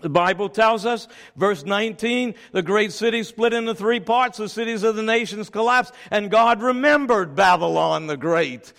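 A man preaching a dramatic sermon, swinging between shouted declarations and hushed, pleading questions. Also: high voice, normal speed, vocal fry, few pauses. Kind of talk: evangelistic sermon. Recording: long hall reverb.

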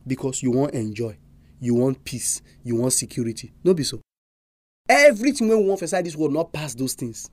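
A preacher with a Nigerian accent delivering a sermon, full of animated, emphatic rhetorical questions. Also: mid-range voice, a little fast, dry recording.

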